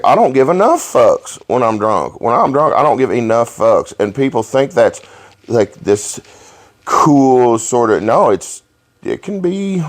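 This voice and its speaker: A man hosting a podcast, telling rowdy stories in a profane, animated way and laughing along. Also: mid-range voice. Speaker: podcast host. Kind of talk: casual storytelling chat.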